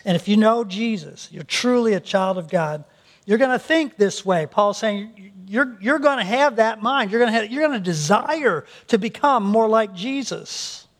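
Earnest high-voiced male pastor preaching. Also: animated, moderate pace. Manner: earnest, repeats words as he restarts. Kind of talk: sermon.

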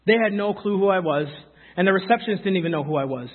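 A man preaching a sermon, animated and talking straight to the congregation with quick asides. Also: high-pitched. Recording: phone-like sound with long hall reverb.

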